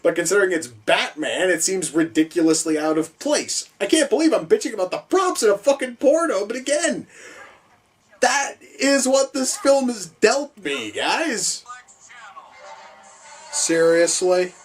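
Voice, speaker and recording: A man reviewing movies in a profane, sarcastic rant, swinging from mutters to high-pitched outbursts of disbelief. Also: animated, unhurried, breathy edge, soft background music, low-quality recording. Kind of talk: profane reaction commentary.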